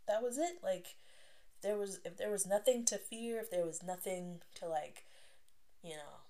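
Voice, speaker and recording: Chatty woman podcast host, laughing often. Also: mid-range voice. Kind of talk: casual solo podcast monologue.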